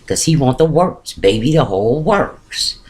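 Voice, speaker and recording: A man's voice: medium pitch, sing-song, a little slow, pitched above the performer's own voice. A man quoting a tired middle-aged woman who is fed up with her marriage, in his own plain voice. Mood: weary.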